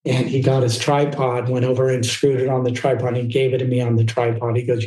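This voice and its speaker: A man's voice: mid-range voice, flat delivery, brisk, dark tone, roomy sound, rough recording. A middle-aged man from Southern California, telling his story as a podcast guest in a candid, rambling way. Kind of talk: casual storytelling interview.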